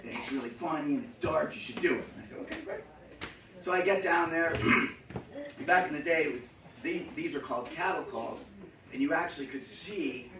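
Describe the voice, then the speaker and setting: A man telling funny stories to a live audience, acting out other people with loud shouted voices. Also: a little high, noisy background. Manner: animated, acts out shouting voices. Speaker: comedic storyteller. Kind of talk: live storytelling set. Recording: echoey room, mic from a distance.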